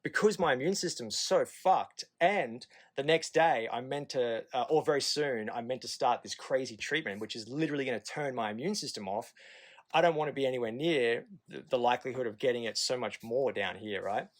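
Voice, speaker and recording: A man in his thirties with an Australian accent tells a long personal story on a podcast. He talks casually and frankly, swears freely and slips into quick impressions of the people around him. His voice sits at a middle pitch for a man. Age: 30s. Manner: candid and profane, acting out the nurses in quoted asides. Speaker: podcast guest.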